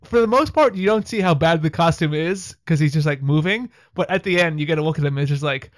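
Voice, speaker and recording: A man's voice: a little high, fast talker, no echo. A man hosting a podcast, recapping a TV episode with a wry, chatty delivery. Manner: wry, chatty narration with laughs. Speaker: podcast host.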